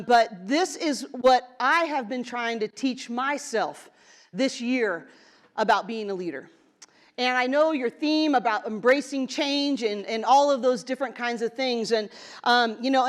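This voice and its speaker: A middle-aged woman coach giving a motivational conference speech in an earnest, conversational way, with many fillers and asides. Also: high-pitched. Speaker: basketball coach giving a talk. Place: conference hall.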